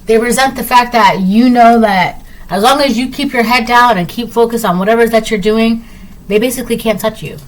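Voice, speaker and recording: A woman gives a casual, spoken tarot reading in a voice that sits a little high. She talks in loose, repetitive phrases and keeps checking in with "right?". She breaks into quick little acted voices to make her examples vivid. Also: low-quality recording. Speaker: tarot reader.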